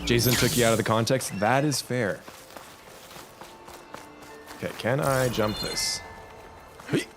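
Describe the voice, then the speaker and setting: Music plays behind this man as he live-streams a game, speaking a little slowly at a medium pitch. His talk is lively and rambling, addressed partly to himself and partly to his chat.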